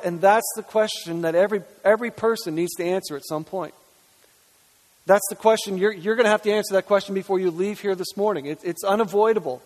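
Emphatic high-voiced pastor in a reverberant hall. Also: male voice, a little fast. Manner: earnest, emphatic, repeats words when stressing a point. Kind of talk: sermon with scripture reading.

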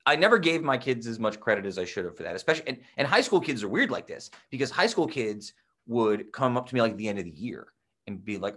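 A man co-hosting a podcast, a teacher, chatting casually and telling relaxed, self-deprecating stories. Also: medium pitch, quick pace.

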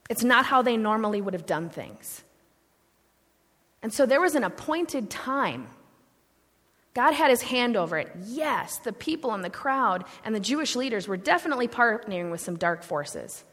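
A woman's voice: fairly high pitch, sing-song, normal speed, fairly bright tone. A woman pastor giving a candid, conversational sermon, with frequent fillers like "like" and "uh". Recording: long hall reverb.

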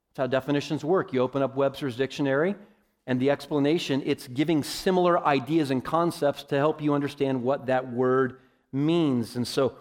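A man preaching a sermon, emphatic, often calling his listeners "folks" and swinging from loud declarations to quiet, low asides. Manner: emphatic, varies loudness widely, addresses listeners as folks.

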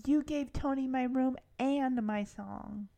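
A blunt, pouty little girl of three who says exactly what bothers her, as a woman quotes her in passing. The voice sits a touch high and plain, with a casual childlike lilt. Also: takes it slowly, vocal fry, dark tone, exaggerated voice. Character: three-year-old girl, candid and pouty.

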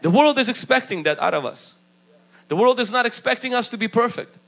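Male pastor preaching: high, animated and bright, emphatic, acts out quoted voices. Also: fairly quick, creaky. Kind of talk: sermon.

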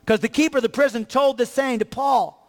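A man's voice: very high voice, a little fast, in a large hall. A male pastor preaching a sermon with emphatic, repetitive rhetoric.

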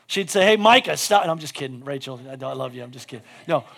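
A man preaching a sermon as pastor, animated and casual, swinging between loud bursts and hushed asides. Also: mid-range voice, fast talker, vocal fry, breathy edge. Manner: casual, with many "like" fillers.

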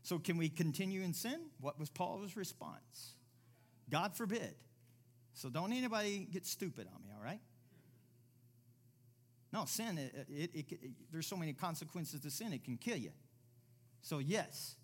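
A man preaching a sermon as pastor, reading scripture aloud and building from quiet, low passages to loud, emphatic ones. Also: very animated, a little slow, long pauses. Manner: reads scripture aloud and voices imagined listeners.

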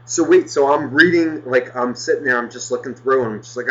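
A man's voice: mid-range voice, a little fast, pushed and bright, muffled recording. A man telling a story in a casual, exasperated rant, swearing heavily as he goes. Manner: profane, exasperated, heavy swearing. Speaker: podcast co-host.

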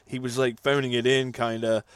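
A man's voice: medium pitch, normal speed, smooth, dry recording. A young man co-hosting a movie podcast, chatting casually and animatedly, laughing often. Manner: animated, laughs often, does mocking impressions. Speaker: podcast co-host. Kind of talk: casual chat.

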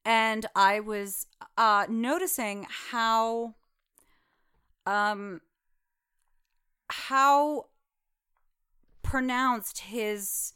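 A woman's voice: a little high, fairly even intonation, drawn-out words, sharp tone, smooth. A woman co-hosting a film podcast, chatting casually and emphatically about the movies. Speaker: podcast co-host. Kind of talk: casual chat.

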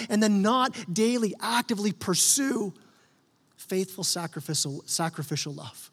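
Male pastor, higher voice, earnest conversational sermon, echoing church hall. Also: normal speed, a bit bright. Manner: earnest, conversational preaching with repeated restarts. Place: church sanctuary.

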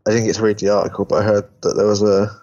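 A man's voice: fairly low pitch, little pitch movement, very fast, warm tone. A man co-hosting a casual podcast chat, rambling and restarting his sentences often. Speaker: podcast co-host. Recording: dull lo-fi sound.

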